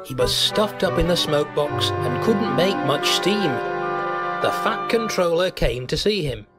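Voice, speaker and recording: A man's voice: a little high, expressive, a little slow. Man narrating a storybook tale. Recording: loud background music.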